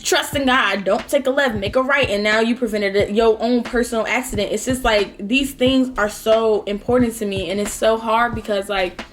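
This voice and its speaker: A vlogger in her twenties does casual mukbang talk while eating, heartfelt and rambling, full of fillers and close to tears at times. Her voice is a little high with fairly even intonation, a moderate pace and few pauses. A little hiss or hum sits under the audio.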